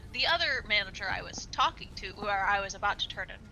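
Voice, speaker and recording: Bright-voiced young woman telling stories. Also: mid-range voice, a little fast, a little hiss or hum, poor audio. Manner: lively storyteller, laughs often. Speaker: gaming channel co-host. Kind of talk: casual chat while playing a game.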